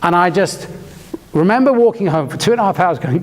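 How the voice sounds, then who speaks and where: Man preaching, high voice, very lively pitch, animated storytelling, hall reverb. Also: brisk. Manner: animated storytelling, acts out quoted lines. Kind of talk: sermon.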